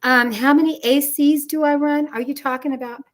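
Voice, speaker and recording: A woman with a slightly raised pitch chats casually on a live stream. She chimes in often with short agreements and encouraging remarks. The sound comes through a video call. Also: steady tone, fairly quick. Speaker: co-host of a live chat stream. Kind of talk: casual chat.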